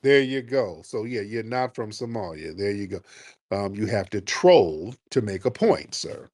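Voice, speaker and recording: A man's voice: fairly low pitch, sing-song, measured pace, darkish tone, slight background noise. A man hosting a call-in radio show who argues sharply and presses his caller.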